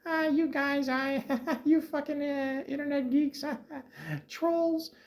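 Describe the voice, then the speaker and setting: A man voicing God as a squeaky, high-pitched male figure who mocks people in a giggly, profane way. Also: lively intonation, slow, heavily acted. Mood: mocking.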